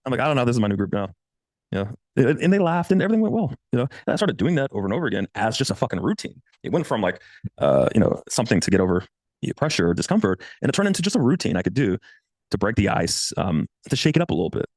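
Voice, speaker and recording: Racing along with no room sound, a man in his thirties gives dating advice in a casual coaching monologue. He's blunt, profane and animated, changing pitch to voice the people he quotes.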